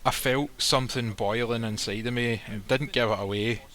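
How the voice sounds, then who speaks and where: Bright-voiced man telling a blunt story. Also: medium pitch, fairly even intonation, normal speed. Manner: blunt, swears freely, acts out quoted lines. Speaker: guest telling a personal story. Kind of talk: casual storytelling. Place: live stream recording.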